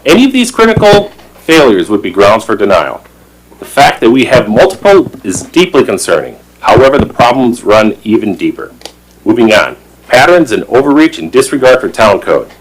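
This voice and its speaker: A man's voice: medium pitch, big pitch swings, moderate pace, a little hiss or hum, poor audio. A man on a town plan commission reading a prepared statement at a public meeting, formal and emphatic, stumbling over words now and then.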